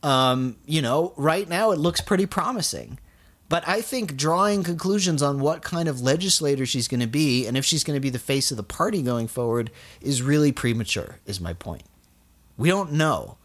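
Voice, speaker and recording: Guy arguing politics on a chat show, swears a lot, regular pitch. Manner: argumentative, swears freely.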